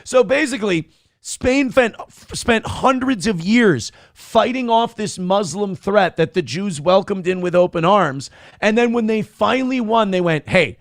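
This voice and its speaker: A man hosting a morning livestream show, reading donations in loud, crude, fast banter. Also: high-pitched, expressive, vocal fry, dry recording, clean studio sound.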